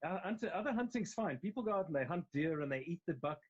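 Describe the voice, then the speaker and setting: A man's voice: sits high, expressive, fast, husky, highs cut off. South African man, rambling and emphatic. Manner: rambling, emphatic, frequent restarts. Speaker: actor guest. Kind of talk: casual interview chat. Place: at home on a live video call. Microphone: mobile phone live stream.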